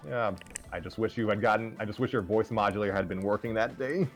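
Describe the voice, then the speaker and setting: A man's voice: fairly low pitch, fast talker, faint music behind. A man hosting a livestream, chatting casually and rambling in a self-deprecating way about his writing. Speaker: host and story writer.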